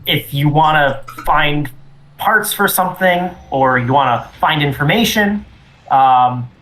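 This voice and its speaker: A man's voice: a little high, a little slow, pushed and bright, slight background noise, rough recording. A man playing his character in a tabletop role-play, breezy and persuasive, drawling through his plans. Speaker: player.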